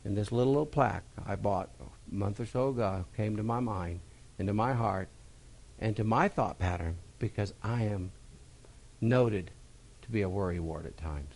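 A male pastor preaching a sermon in a folksy, personal way, repeating key phrases and swinging from loud emphasis to quiet, low asides. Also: moderate pace, creaky, breathy edge.

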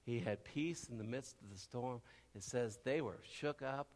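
A preacher speaks at a normal speed in a big room that colors his sound. His sermon moves between loud cries and low murmurs, and he takes on the voices of characters in his stories.

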